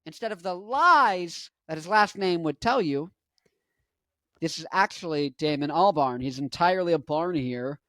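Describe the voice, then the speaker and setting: A man in his twenties chatting casually and excitably on a video, joking and breaking into snatches of song. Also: a little high, normal speed, no room sound, studio quality. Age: 20s. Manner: excitable, jokey, sings snatches and does mock accents. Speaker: vlogger. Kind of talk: casual chat. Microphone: handheld mic.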